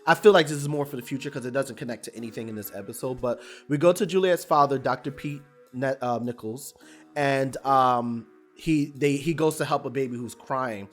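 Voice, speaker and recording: A man casually recapping a TV episode, animated and colloquial, rambling with restarts. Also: medium pitch, a little fast, soft background music.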